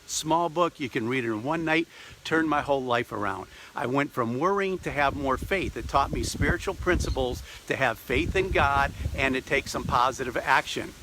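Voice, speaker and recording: Bright, lively middle-aged man coaching. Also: medium pitch, a little hiss or hum. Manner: lively, animated, acts out quotes and voices. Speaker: business coach. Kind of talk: motivational vlog storytelling. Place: recording on a trip abroad.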